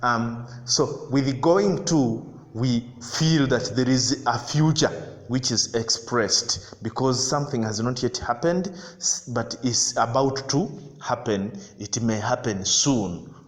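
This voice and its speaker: A man teaching a primary school English lesson, speaking deliberately and repeating words so pupils can hear how they sound. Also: medium pitch, in a large hall. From Uganda.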